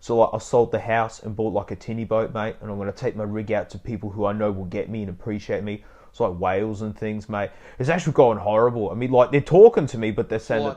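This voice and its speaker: Man, Australian accent, absurd comic monologue, slack drawl, mid-pitched voice. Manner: slack drawl full of "like" and "mate". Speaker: comedic YouTuber.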